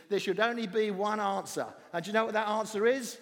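A man with a southern English accent preaching a sermon as a visiting pastor, emphatic and at times rising almost to a shout. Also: high-pitched, fast talker, hardly any pauses. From southern England. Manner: emphatic, rising to near-shouting on key phrases. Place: church hall. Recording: reverberant church hall.

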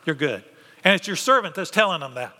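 A man preaching a sermon in a lively way, acting out the voices of biblical characters. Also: sits high, quick pace. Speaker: pastor. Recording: long hall reverb.

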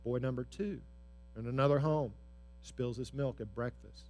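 A man's voice: medium pitch, normal speed, darkish tone. A male pastor giving a sermon in a church, speaking earnestly with repeated phrases for emphasis.

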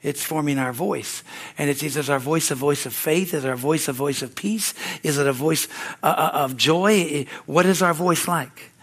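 A man's voice: on the high side, moderate pace, fairly bright tone. An older man preaching a sermon as pastor, in a folksy, conversational way with frequent chuckles, speaking in a church. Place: church sanctuary.

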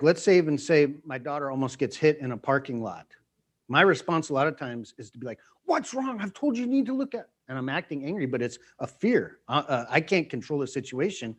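A man preaching a conversational sermon to a small group, repeating phrases and acting out quoted voices. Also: a little high. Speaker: pastor.

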